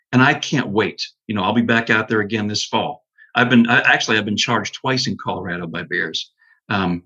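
A man's voice: mid-range voice, fairly bright tone, breathy edge, dull audio. A man who is a bow hunter and podcast guest, telling an earnest hunting story in casual conversation, with many restarts.

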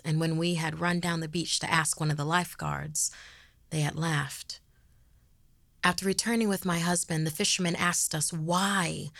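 A woman narrating a horror story in a hushed, half-whispered delivery as host. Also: deep voice, creaky, no echo. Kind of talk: scripted narration.

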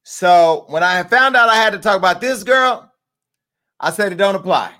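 A man's voice: high voice, lively intonation, normal speed, bright, forceful tone. A man hosting his show in a rambling, crude and joking monologue. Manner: bawdy, rambling, joking asides. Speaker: show host. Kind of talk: casual crude comedic monologue.

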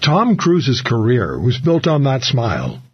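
A man hosting a radio talk show, telling stories in a casual, animated way. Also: medium pitch, unhurried. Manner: animated storyteller, gravelly. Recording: muffled radio broadcast.

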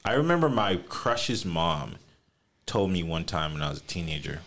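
A man with Caribbean roots from the East Coast, chatting casually on a podcast, telling funny stories and mimicking people in sudden high voices. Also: moderate pace. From Caribbean roots, raised on the US East Coast. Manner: animated, laughing storyteller who jumps into high mimic voices. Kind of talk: casual chat.

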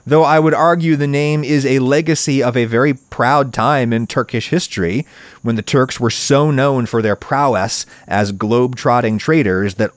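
A man hosting a solo video essay, giving opinionated commentary in a wry, emphatic way and leaning hard on stressed words. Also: no echo. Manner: wry, emphatic, wide swings in pitch for stress.

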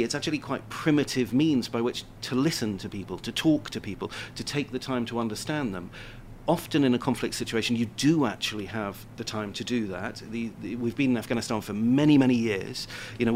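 A man answering interview questions in earnest, often restarting and repeating words as he explains. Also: a little mellow. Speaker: guest expert on influence and military operations. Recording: faint background rumble.

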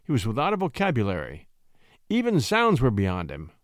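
A man narrating a classic short story in an expressive, theatrical reading. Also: mid-range voice, normal speed, no echo, studio quality. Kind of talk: dramatic audiobook reading.

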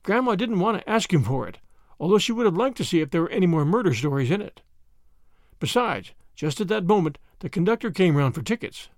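A man narrating a storybook aloud in an expressive, animated way. His voice is high and lively, swinging up and down, and the recording is close and dry. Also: fairly quick, dry recording. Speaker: audiobook narrator.

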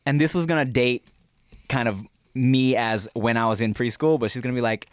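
A man's voice: mid-range voice, fairly even intonation, a little fast, clear, resonant tone, no echo. A man from Southern California telling childhood stories in casual podcast chat, laughing often and acting out the quotes.

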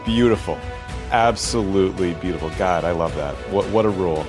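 A male podcast host with a fairly low voice, chatting in a relaxed, easygoing manner. He reacts warmly to his co-host's points, with faint music behind. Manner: relaxed, easygoing, quick to approve. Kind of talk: casual podcast chat.

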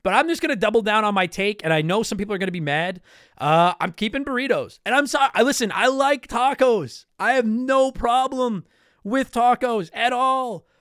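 High, animated man chatting casually. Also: moderate pace, smooth, no echo, studio quality. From Canada. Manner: rambling, self-interrupting, apologetic. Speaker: podcast host answering listener mail. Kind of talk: casual podcast chat.

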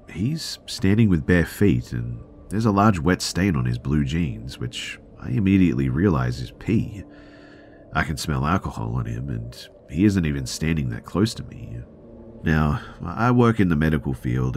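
A man with an extremely deep, low voice narrates a tense first-person story. His delivery is measured and steady, with a faint hiss beneath it.

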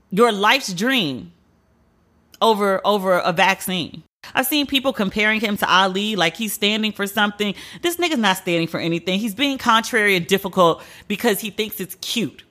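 This young woman hosts a podcast, delivering a casual comedic rant that's blunt, profane, and full of mock disbelief. Her voice is mid-range with a sharp edge.

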